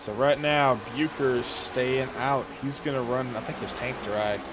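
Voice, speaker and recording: A man's voice: mid-range voice, measured pace, noisy background. A man calling a sim racing event in a casual, joking commentary style, drifting into banter between race updates.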